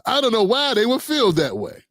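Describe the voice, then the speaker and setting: Animated, sarcastic male commentator. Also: extremely high pitch, normal speed, dry recording, clean studio sound. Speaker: show host and commentator. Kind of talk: livestream commentary.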